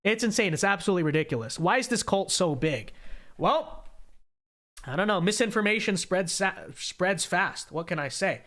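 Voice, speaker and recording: A man's voice: high voice, expressive, moderate pace, a bit bright. A congested man hosting a political livestream, ranting emphatically with repetition and sarcasm.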